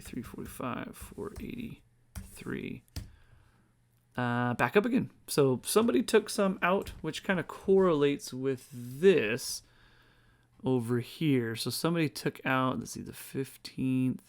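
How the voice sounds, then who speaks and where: A man's voice: medium pitch, creaky, slight background noise. A tired man talks through his screen in a loose, rambling way, reading figures aloud as he goes. His voice sits in an ordinary middle range, and he yawns his way through the walkthrough. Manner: rambling, thinks aloud, reads numbers off screen. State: tired, yawning. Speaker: crypto video host. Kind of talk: casual screen-share walkthrough.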